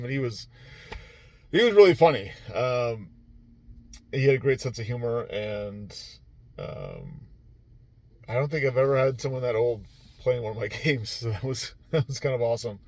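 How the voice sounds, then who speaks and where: Low-voiced man rambling casually. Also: a little mellow. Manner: rambling, many fillers and restarts, laughs easily. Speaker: game master at a convention. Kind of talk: casual vlog recap.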